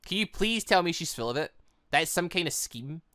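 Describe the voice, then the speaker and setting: A man's voice: fairly high pitch, fairly quick, clean tone, dry recording, clean studio sound. A man reading the lines of a distraught, furious young woman aloud in a visual novel read-through, in his own voice without putting on a girly tone. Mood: pleading. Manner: reads her lines flat in his own voice.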